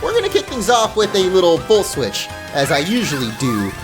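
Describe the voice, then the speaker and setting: A man hosting a let's play, giving upbeat, excitable gameplay commentary. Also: high-pitched, a little fast, over music.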